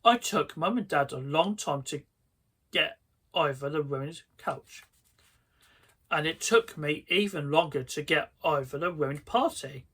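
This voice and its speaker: Slow, bright-voiced male storyteller. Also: on the high side, expressive, husky. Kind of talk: storybook reading aloud.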